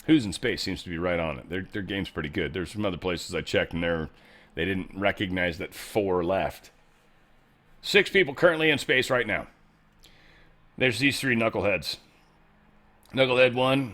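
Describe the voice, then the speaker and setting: A man's voice: on the low side, animated, normal speed, long pauses, fairly bright tone. A man hosting a show, giving a casual news commentary monologue in an irreverent, joking and often profane way. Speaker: show host.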